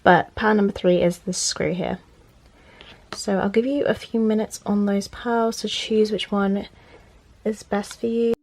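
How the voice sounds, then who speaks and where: A woman's voice: mid-range voice, steady tone, unhurried, darkish tone. A young woman giving a casual tarot card reading from the floor of her bedroom at home, chatty and apologetic, a little out of breath and easily distracted. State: slightly out of breath. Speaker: tarot reader.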